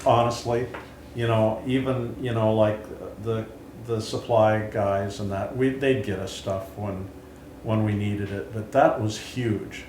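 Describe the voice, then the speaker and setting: A man in his seventies, hosting an interview and telling his own story in an earnest, halting way with frequent restarts. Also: fairly low pitch, steady tone, a little mellow. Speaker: interview host and Vietnam veteran. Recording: roomy with faint hiss.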